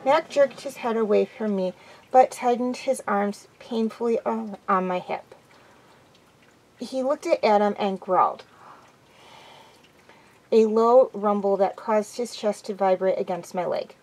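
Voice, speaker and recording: A woman reading a first-person amateur audiobook in a quiet, even way. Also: medium pitch, unhurried, long pauses, low-quality recording. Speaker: audiobook reader.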